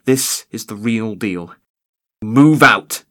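A man voicing a male security guard who speaks grimly and gives brisk orders. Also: medium pitch, wildly swooping pitch, voice pushed up. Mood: urgent. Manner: brisk, commanding.

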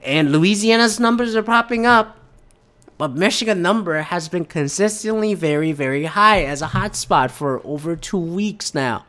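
A young man giving a blunt, profane political rant, excitable and prone to restarts. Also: high-pitched, moderate pace. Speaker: commentator.

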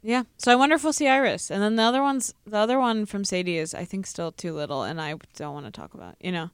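Deadpan teasing woman co-host. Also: mid-range voice, quick pace, smooth, no echo. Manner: dry, teasing, deadpan quips. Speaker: podcast co-host. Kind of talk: casual chat.

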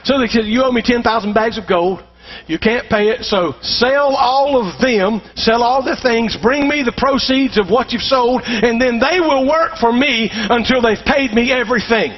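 A man preaching a sermon as pastor, calling on the congregation to answer back and building up to shouted passages. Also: very high-pitched, moderate pace, muffled recording. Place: church sanctuary.

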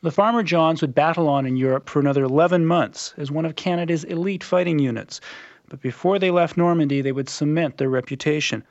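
A man reading scripted documentary narration in a measured, dramatic storytelling manner. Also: a little high, darkish tone, no room sound. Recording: muffled lo-fi radio recording.

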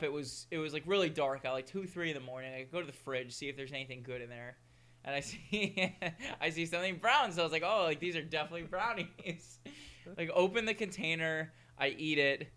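A man's voice: fairly high pitch, moderate pace, sharp tone, clean tone. A man co-hosting a podcast, chatting casually and telling joking stories. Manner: joking, storytelling. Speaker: podcast co-host. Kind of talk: casual chat.

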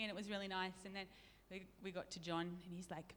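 Aussie lady preaching in church, chatty, laughs a lot, kinda high voice, long echo. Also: fairly quick, fairly bright tone, slight background noise. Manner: chatty, self-deprecating, laughs often. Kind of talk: sermon. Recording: reverberant church hall.

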